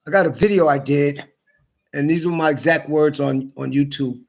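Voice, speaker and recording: Fed-up middle-aged guy ranting, keeps swearing and stumbling over his words, voice a bit high. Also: fairly even intonation, moderate pace, gravelly. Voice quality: swears a lot, repeats himself, stammers. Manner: agitated, swings from loud outbursts to tired mutters. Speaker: vlogger. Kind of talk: angry rambling monologue.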